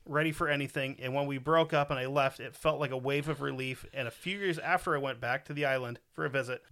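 A man's voice: fairly high pitch, fairly bright tone. A man hosting a casual podcast, reading out a listener's story in a crude, profane, joking way.

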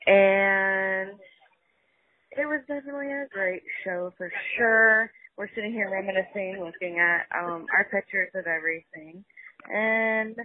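A woman's voice: mid-range voice, unhurried. A woman calling from a restaurant to leave a heartfelt, grateful voicemail. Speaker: caller to a podcast hotline. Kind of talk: voicemail message. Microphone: phone. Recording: tinny phone line.

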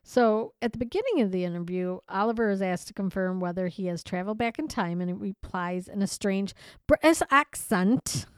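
A woman hosting a casual podcast, playful and chatty, laughing easily as she riffs on a story she's reading. Her voice sits in an ordinary middle pitch. It's recorded dry and close, with no room sound. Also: normal speed, clean tone, dry recording. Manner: reads story aloud, then riffs on it. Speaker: podcast host. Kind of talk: casual chat.

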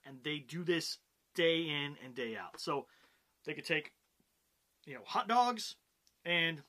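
A man hosting his own comedy-business show, chatting straight to his viewers. His voice sits a touch high for a man and rings bright and forward. He keeps checking in with the audience with quick "right?" and "you know" tags. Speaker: host of a show about comedy. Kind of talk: casual talking-head explainer.

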